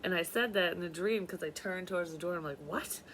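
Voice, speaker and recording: A woman, a psychic medium, casually retelling a dream in a blunt, profane, animated way. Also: on the low side, fast talker, a little hiss or hum. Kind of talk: casual storytelling monologue.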